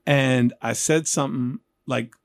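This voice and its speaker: A man's voice: medium pitch, measured pace, no echo. A man in his fifties from New York hosting an interview podcast, chatting casually and joking, often acting out voices in his stories. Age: 50s. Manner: animated, jokey, acts out voices in his anecdotes. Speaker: podcast host.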